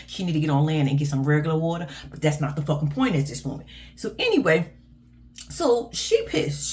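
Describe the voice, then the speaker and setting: A woman's voice: deep voice, a little mellow. A woman, casually ranting through a blunt, profane reaction recap as a show host.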